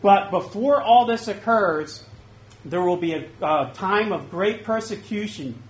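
Animated high-voiced preacher in echoey room. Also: male voice, measured pace. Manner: animated, swings from loud bursts to hushed asides. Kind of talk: sermon.

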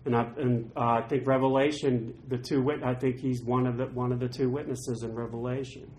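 A man teaching through Bible passages in a chatty, animated way, with quick asides. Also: medium pitch.

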